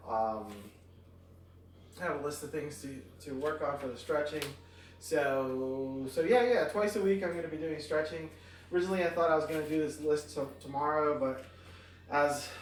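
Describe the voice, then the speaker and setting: A man's voice: mid-range voice, recorded from a distance, slight background noise. Tired man vlogging from across a roomy space. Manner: relaxed, rambling, many fillers. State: tired after exercise. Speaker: fitness vlogger. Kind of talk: casual exercise vlog. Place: at home near a backyard.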